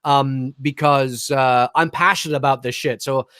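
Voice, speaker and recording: A man co-hosting a casual live-stream podcast, rambling and animated, swearing casually and sometimes restarting his sentences. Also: mid-range voice, normal speed, clean tone, dry recording, clean studio sound. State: talking with a lozenge in his mouth. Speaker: podcast co-host.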